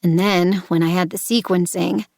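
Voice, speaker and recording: Brief: woman reading a first-person audiobook, low and gravelly, tense, measured delivery. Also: fairly even intonation, a little mellow, no echo, studio quality. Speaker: audiobook narrator.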